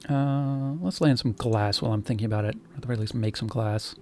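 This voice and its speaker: A man's voice: mid-range voice, fast, a little mellow, slight background noise. Man muttering through a game stream. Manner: thinking aloud, muttering to himself. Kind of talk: casual gameplay commentary.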